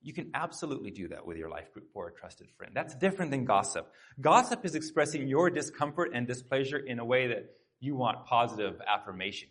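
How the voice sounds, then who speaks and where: A man's voice: medium pitch, big pitch swings, fairly quick, hardly any pauses, fairly bright tone, husky. A pastor preaching a sermon to his congregation in a church, talking in an earnest, conversational way with asides to the crowd. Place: church sanctuary.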